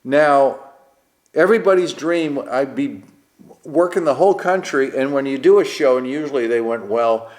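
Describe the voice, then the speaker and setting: A man's voice: mid-range voice, moderate pace. A man, a stand-up comedian telling stories in a casual interview and acting out the voices of the people he quotes. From Queens, New York. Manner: animated storyteller, acts out quoted voices.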